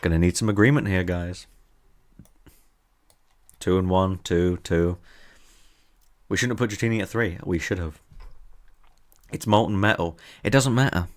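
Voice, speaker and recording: A man's voice: low-pitched, fairly even intonation, normal speed, pauses often. A young man streaming from his desk, teasing his chat in a playful, casual way.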